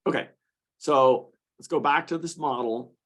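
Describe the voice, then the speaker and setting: A man's voice: a little high, a little slow. A man presenting a treatment model to an audience, talking conversationally with fillers and restarts. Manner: tells patient stories with acted quotes. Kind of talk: lecture to an audience.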